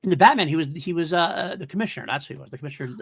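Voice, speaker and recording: A man's voice: fairly high pitch, very fast, creaky, a bit bright, husky, dry recording. A man hosting a podcast in casual chat, enthusiastic and rambling, laughing often. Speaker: podcast host.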